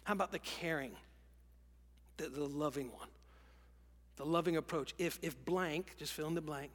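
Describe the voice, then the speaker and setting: A man preaching a sermon in an animated way, acting out quoted lines and dropping to a whisper for emphasis. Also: fairly high pitch, moderate pace, long pauses, long reverb tail. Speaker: pastor.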